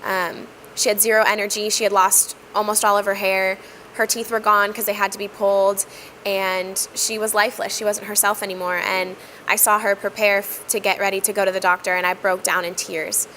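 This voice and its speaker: A woman sharing a personal testimony in an earnest, reflective way, with frequent pauses and fillers. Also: mid-range voice, little pitch movement, sharp tone, a little hiss or hum, rough recording. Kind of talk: heartfelt personal storytelling.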